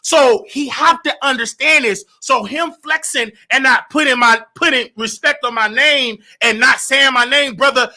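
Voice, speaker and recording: High, bright, loud-ranting male host. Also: normal speed, hardly any pauses. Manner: loud, animated, often shouting. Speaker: show host. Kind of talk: comedic rant.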